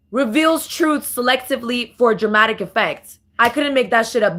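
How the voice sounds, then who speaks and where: A woman giving an off-the-cuff spiritual monologue, ranting with profanity and slang, restarting phrases and breaking into louder emphatic bursts. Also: sits high. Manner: profane, emphatic rant with sudden louder outbursts. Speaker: spiritual commentator.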